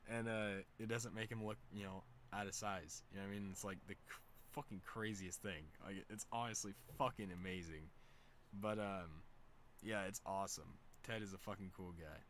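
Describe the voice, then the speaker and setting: A man's voice: moderate pace, a little hiss or hum. A young man streaming, telling a rambling casual story with lots of slang and fillers, laughing often. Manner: excited, louder and higher when amused.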